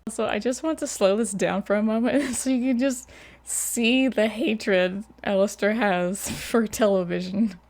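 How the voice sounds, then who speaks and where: A woman's voice: medium pitch, fairly even intonation, measured pace, a little mellow. A woman hosting a reaction video, chatting casually and laughing often. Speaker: host. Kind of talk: reaction commentary.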